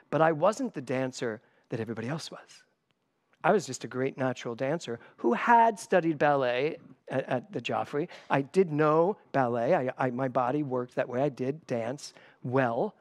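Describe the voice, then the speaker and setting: A man in his sixties, a spiritual director giving a sermon, who tells stories with sudden loud bursts and hushed asides and repeats key phrases for emphasis. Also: mid-range voice. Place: church stage before a live congregation.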